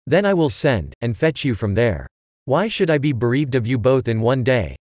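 A man reading the part of an anxious mother urging her younger son to flee, in a measured scripture-reading voice. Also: medium pitch, very animated, a little mellow, dry recording, clean studio sound, natural voice. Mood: urgent.

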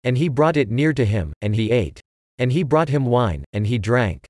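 A man reading scripture aloud in a measured, even delivery. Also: mid-range voice, no room sound, studio quality. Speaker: scripture reader.

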